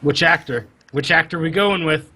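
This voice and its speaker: A playful young man teases his friends on a casual podcast. His voice is bright and forceful, a little high, with a sharp edge. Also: normal speed, husky. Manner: playful, teasing. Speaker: podcast co-host. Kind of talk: casual chat.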